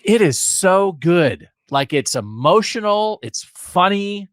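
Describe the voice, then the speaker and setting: A man hosting a podcast, talking in an animated, joking and enthusiastic way. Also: sits high, slow, no echo. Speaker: podcast host. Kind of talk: casual podcast chat.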